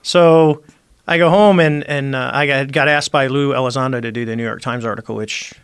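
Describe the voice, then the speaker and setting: A man's voice: medium pitch, brisk, smooth, no room sound, studio quality. A middle-aged man, a former Navy squadron commander, telling a story as a podcast guest, acting out the quoted dialogue with energy. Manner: animated, acts out quoted dialogue. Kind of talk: conversational storytelling. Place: podcast studio.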